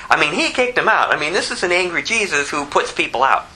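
A man teaching verse by verse from the Bible, lively and conversational, who chuckles at his own asides. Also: a little high, fast, low-quality recording.

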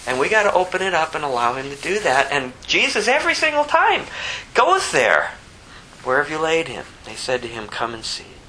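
A man preaching a sermon, moving between impassioned rising emphasis and hushed, slower scripture reading. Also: on the high side, very animated, a little hiss or hum, rough recording. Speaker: pastor.

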